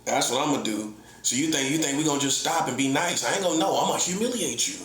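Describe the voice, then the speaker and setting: A middle-aged man preaches his point in a combative, repetitive monologue, hammering the same lines again and again. His voice sits a little high for a man. The recording is roomy, with a noticeable echo around him. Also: expressive, quick pace, fairly bright tone. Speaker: self-styled prophet. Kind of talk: heated online monologue. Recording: echoey room.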